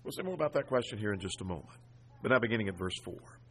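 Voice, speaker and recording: A man's voice: fairly low pitch, expressive, racing, slightly rough. A man preaching a sermon, walking through a psalm verse by verse and rising in force when he reads the scripture aloud. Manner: preaching, swells loud when quoting scripture. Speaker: pastor. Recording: long hall reverb.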